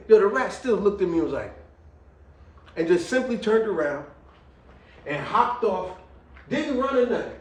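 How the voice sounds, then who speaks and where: A middle-aged man telling a personal story to viewers, lively and full of slang, swinging between loud exclamations and quiet asides and laughing often. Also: sits high, moderate pace, long pauses. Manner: casual American slang, addresses viewers as y'all. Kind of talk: animated storytelling monologue. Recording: roomy, a little distant from the mic.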